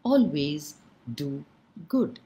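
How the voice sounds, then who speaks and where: A woman doing a calm, wise old monk. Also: sits low, heavily acted. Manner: calm, slow and soft.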